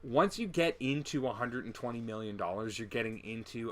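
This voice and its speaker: A man's voice: medium pitch, animated, brisk, few pauses, fairly bright tone, slight background noise. A man co-hosting a casual live stream, speaking bluntly and swearing freely. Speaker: co-host.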